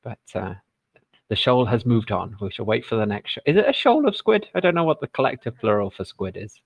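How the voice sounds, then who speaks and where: A man's voice: medium pitch, big pitch swings, fairly quick, creaky, dry recording. British man joking on a voice chat. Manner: jokey, laughs often. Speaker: community moderator. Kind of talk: casual voice chat.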